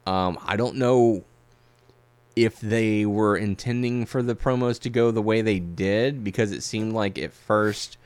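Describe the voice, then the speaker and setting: Podcast co-host, male, low-pitched, easygoing talk, dry recording. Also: unhurried, clear, resonant tone, dry recording. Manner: relaxed, filler-heavy, reads articles aloud. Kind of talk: casual chat about wrestling news.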